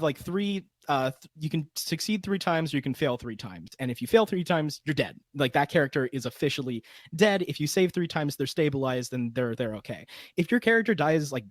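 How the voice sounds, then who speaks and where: A man's voice: medium pitch, no echo, studio quality. A man who runs tabletop games, chatting casually as a podcast guest. He laughs often and stumbles through restarts. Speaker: guest Dungeon Master.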